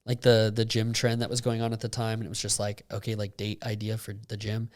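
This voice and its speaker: A man's voice: lowish voice, a little fast. Young man rambling on a casual podcast. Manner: rambling, lots of fillers, animated when retelling. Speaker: podcast co-host. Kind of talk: casual chat.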